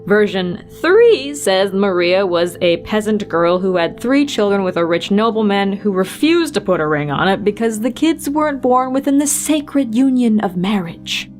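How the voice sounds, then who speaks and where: A woman's voice: medium pitch, animated, moderate pace, few pauses, a little mellow, soft background music. A woman host narrating folklore with dry, sarcastic asides in a casual storytelling style.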